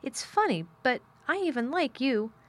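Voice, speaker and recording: A woman voicing a frail, excitable young boy. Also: high voice, normal speed, pitched above the performer's own voice, exaggerated voice.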